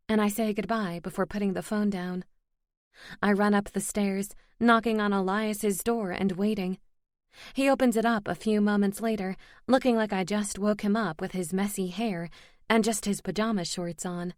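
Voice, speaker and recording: A woman's voice: mid-range voice, steady tone, moderate pace, no echo, studio quality. A woman reading a first-person fantasy romance audiobook expressively, lifting her voice for dialogue. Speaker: audiobook narrator.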